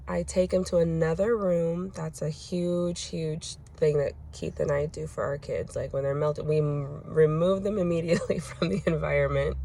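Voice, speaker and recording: A young woman telling a parenting story in a casual vlog, reflective and gentle, pausing often. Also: low voice, creaky. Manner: reflective, gentle, with many pauses and fillers. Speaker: mother sharing a parenting story.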